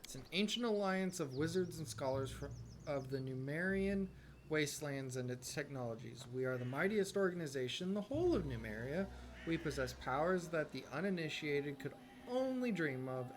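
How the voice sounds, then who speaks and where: A man's voice: fairly high pitch, close to an everyday voice. A man reading the lines of an arrogant, captive female slaver agent in a haughty, threatening tone. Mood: boastful. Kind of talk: reading game dialogue aloud.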